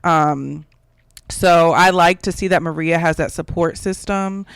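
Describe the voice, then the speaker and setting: Brief: male co-host, high and smooth voice, calm recap narration, dry close mic. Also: no room sound. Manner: narrates episode events in a relaxed, measured way. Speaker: podcast co-host. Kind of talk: casual recap chat.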